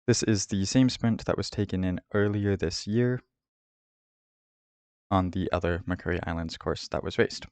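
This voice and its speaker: A man hosting a route guide, giving a steady, methodical voice-over about a race course. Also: deep voice, normal speed, clean tone, no echo. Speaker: host of a cycling route guide. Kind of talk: scripted voice-over over game footage.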